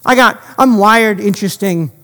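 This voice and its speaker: A pastor delivering a passionate sermon in quick, animated bursts and restarting sentences often. The voice has a mid pitch and carries a long reverb from a large hall.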